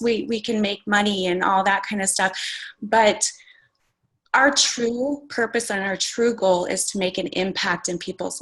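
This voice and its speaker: A woman's voice: medium pitch, a bit bright, low-quality recording. A woman coaching a group on a call, talking casually and earnestly, full of "like" and "you guys". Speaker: fitness coach sharing takeaways on a group call. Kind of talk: casual motivational talk. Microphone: conference call.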